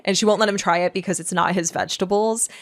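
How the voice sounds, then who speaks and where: A young woman co-hosts a podcast, talking in an animated way and slipping into quoted lines with a laugh. Her pitch sits in the middle range for a woman. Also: quick pace. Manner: animated, acts out quotes from scenes. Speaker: podcast co-host. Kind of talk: casual chat.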